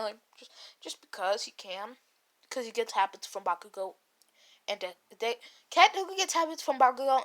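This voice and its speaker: A woman's voice: high-pitched, a bit bright. A woman casually retelling a fan story in a rambling, profane way, often laughing and correcting herself.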